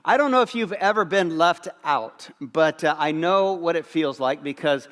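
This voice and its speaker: A man's voice: on the high side, lively intonation, moderate pace, fairly bright tone. Man preaching with hall reverb. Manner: humorous storytelling, self-mocking. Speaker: pastor. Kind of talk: sermon. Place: church auditorium.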